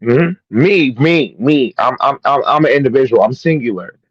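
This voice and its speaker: A man's voice: medium pitch, lively intonation, moderate pace, slightly rough, no echo. A man hosting a casual livestream, joking and bantering loosely with his guests. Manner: laid-back, joking banter. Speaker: livestream host. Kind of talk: casual stream chat. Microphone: streaming call mic. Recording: dull lo-fi stream audio.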